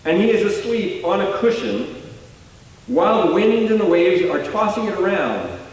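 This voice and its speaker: Man preaching, high voice, loose explaining sermon style, big echoey church hall, voice heard from a distance. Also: animated, moderate pace. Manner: conversational and explanatory, rephrasing and repeating himself. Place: church sanctuary.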